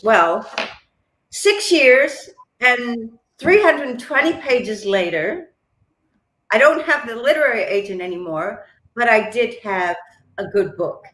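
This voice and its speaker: A woman's voice: a little high, lively intonation, slow, a bit bright, echoey room. A woman singer-songwriter and author, chatting as a podcast guest in a self-deprecating way and laughing often. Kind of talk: casual interview chat. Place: lives in Melbourne.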